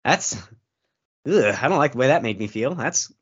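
A man's voice: mid-range voice, lively intonation, normal speed, breathy edge. A man co-hosting a podcast in casual comedic chat, sarcastic with dry jokes and frequent ums. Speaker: podcast co-host. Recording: dull lo-fi podcast audio.

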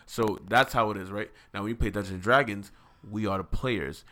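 Deep-voiced man telling it loose and slangy. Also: fairly quick. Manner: animated storytelling, slangy, swearing. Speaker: podcast co-host. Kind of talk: casual anime chat.

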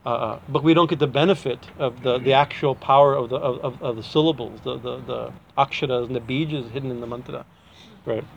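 A man's voice: medium pitch, fairly even intonation, a little fast, vocal fry, muffled recording, a little hiss or hum. A man teaching in a chatty devotional talk, often restarting his sentences and chuckling as he explains. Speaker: spiritual teacher.

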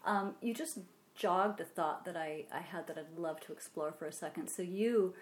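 A woman interviewing an actor, asking thoughtful questions in a chatty, relaxed way. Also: on the low side, moderate pace. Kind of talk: conversational interview. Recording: echoey room.

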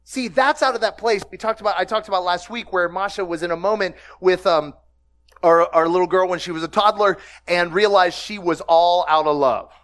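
This pastor preaches a little fast in a high-pitched voice, full of energy and humor. He quizzes his listeners and erupts into laughter and exclamations shouted at the congregation.

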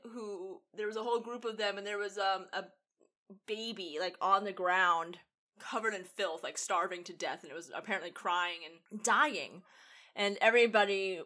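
A woman's voice: mid-range voice, bright, forceful tone. A woman co-hosting a podcast in casual chat, blunt and opinionated, rambling through her points. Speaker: podcast co-host. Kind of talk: casual chat reviewing a TV episode.

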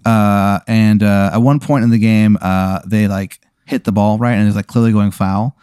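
A man hosting a comedy podcast, casually improvising an absurd story with a rambling, filler-heavy, deadpan delivery. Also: lowish voice, moderate pace, smooth, no echo, studio quality. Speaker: podcast host telling an absurd hypothetical.

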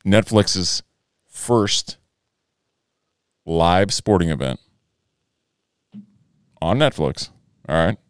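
Deep-voiced man joking on a podcast. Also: animated, extremely slow, long pauses, smooth, no room sound, clean studio sound. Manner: loose, profane, joking. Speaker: podcast co-host. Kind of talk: casual chat.

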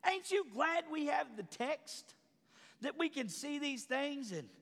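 A man preaching a sermon as pastor, swinging from quiet murmurs to loud, high shouting in a dramatic, colloquial preaching style. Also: expressive, slow pace, gravelly, big-room sound.

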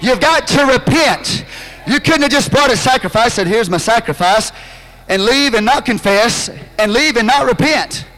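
Male pastor, very high, bright and forceful voice, impassioned sermon delivery with shouts. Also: expressive, rough recording. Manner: impassioned preaching with drawn-out phrases and sudden shouts.

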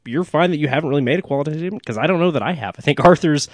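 A man's voice: on the high side, very fast, no echo, clean studio sound. A man co-hosting a movie podcast, talking casually with frequent restarts and filler uhs. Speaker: podcast co-host. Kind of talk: casual movie discussion and show plugs.

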